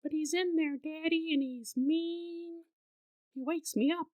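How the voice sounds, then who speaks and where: A man voicing a scared three-year-old girl who pleads in a small, high child's voice. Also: steady tone, measured pace, highs cut off. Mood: fearful.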